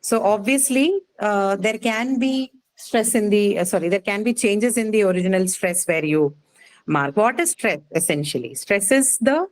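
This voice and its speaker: Woman teacher, mid pitch, patient lecturing that keeps checking in with the class. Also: moderate pace, poor audio. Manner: patient, explanatory, checks understanding with frequent "okay". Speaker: English teacher. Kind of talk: live online class lecture.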